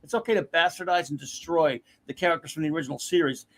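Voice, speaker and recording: A man's voice: fairly high pitch, quick pace, fairly bright tone. A man hosting a casual pop-culture chat, ranting animatedly and mocking other people's voices. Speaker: podcast host.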